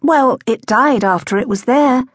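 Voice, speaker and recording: A woman's voice: sits high, unhurried, no room sound, voice pushed up. A woman narrator voicing a blunt, matter-of-fact young girl.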